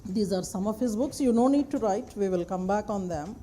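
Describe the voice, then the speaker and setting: A woman's voice: mid-range voice, brisk, mellow, a little hiss or hum. A woman giving a classroom lecture, emphatic, repeating points and checking that her students follow. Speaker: anthropology lecturer.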